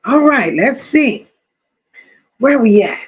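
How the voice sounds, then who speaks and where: High-voiced woman greeting live chat. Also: big pitch swings, slow, husky. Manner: warm, affectionate, calls viewers baby and boo; casual, swears freely, reads chat aloud. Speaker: livestream host.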